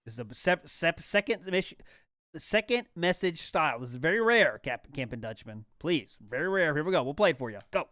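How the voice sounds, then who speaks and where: Playful podcast host, dry mic. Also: male voice, a little high, lively intonation, brisk, a bit bright, no room sound. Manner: laughs often, playful. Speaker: podcast host reading listener messages. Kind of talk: casual chat.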